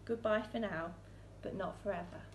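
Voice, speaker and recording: A woman voicing a calm, reassuring male teacher in a storybook reading, heard in a roomy church. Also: medium pitch, normal speed, a little hiss or hum, close to an everyday voice.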